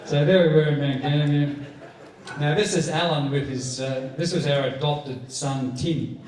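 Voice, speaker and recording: A man's voice: steady tone, measured pace, noisy background. A man in his sixties with an Australian accent, doing rambling stand-up with poker anecdotes in a club room. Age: 60s. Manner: rambling anecdotal storytelling, jumps up high to act out quoted people. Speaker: stand-up comedian. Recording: echoey room heard from a distance.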